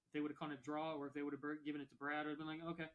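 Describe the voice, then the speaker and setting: Man, podcast co-host, rapid casual sports chat, fairly high voice, agreeable. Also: completely flat delivery, lo-fi sound. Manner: quick, agreeable, laughs often, lots of fillers. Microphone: remote recording.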